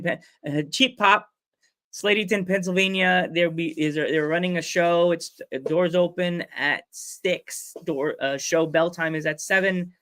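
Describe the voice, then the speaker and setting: A man's voice: fairly high pitch, fairly bright tone, no echo. Chatty American man, dry sound. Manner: chatty, rambling, laughs often. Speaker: podcast host. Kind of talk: casual chat. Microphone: remote call mic.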